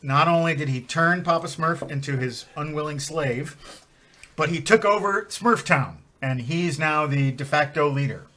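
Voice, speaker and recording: A man hosting a comedy tabletop game with a bright, fairly high voice. He recaps the story in a wry, playful manner. He chats casually with the other players. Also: moderate pace. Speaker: game host.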